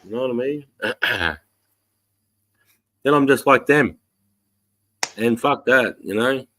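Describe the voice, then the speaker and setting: A man's voice: mid-range voice, slow pace, fairly bright tone, a little hiss or hum. An Australian man hosting a casual livestream chat, ranting with heavy swearing. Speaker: livestream host.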